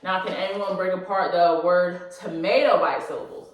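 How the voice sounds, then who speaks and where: A woman's voice: lowish voice, steady tone, normal speed, dull audio, a little hiss or hum. A woman teaches a phonics lesson to her class. She talks patiently and checks in often with the students. Her voice rings through an echoey classroom from some distance. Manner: patient, checks in often with okay and all right. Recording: echoey room, from far off.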